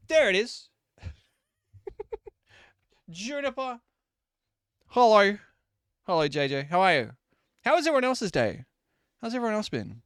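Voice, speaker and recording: A man in his twenties chatting casually with viewers on a live stream, animated and quick to swear. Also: on the high side, no room sound, clean studio sound. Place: at home at his desk.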